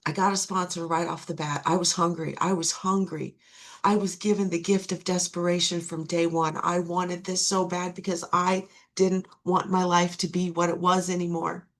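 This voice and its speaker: A woman's voice: lowish voice, flat delivery, normal speed. A middle-aged woman sharing her recovery testimony, earnest and repeating key phrases for emphasis.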